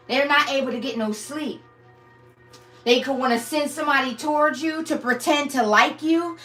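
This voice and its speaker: A woman with a fairly high voice delivers a channeled tarot reading straight to her viewers. She talks in a loose, blunt, casual way and swears freely. Faint music plays behind her. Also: fairly bright tone. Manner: casual and blunt, swears freely, calls listeners "y'all" and "my babies". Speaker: tarot reader.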